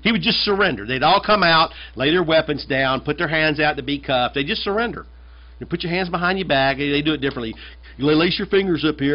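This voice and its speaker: A pastor from the United States delivers a conversational but emphatic sermon, often doubling back to repeat a phrase for weight. His voice sits fairly high. The recording is dull and lo-fi. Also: lively intonation, a little fast.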